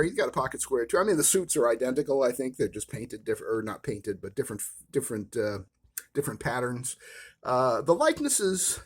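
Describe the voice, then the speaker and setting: A man's voice: fairly high pitch, a bit bright, slightly rough. Rambling, self-mocking collector guy. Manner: rambling, self-deprecating, enthusiastic. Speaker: toy collector, channel host. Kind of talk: casual collector show-and-tell.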